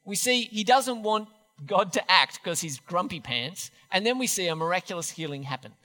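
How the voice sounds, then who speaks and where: A male preacher gives a sermon in a chatty, self-deprecating way. His voice is high and bright, and his pitch swings widely. Long reverb from the church hall trails behind him. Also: expressive, normal speed, faint music behind.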